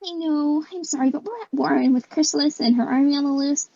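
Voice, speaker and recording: A woman's voice: high voice, fast, creaky, dark tone, no room sound, highs cut off. Woman voicing an eager young fox inventor. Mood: earnest. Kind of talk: amateur fan voice acting.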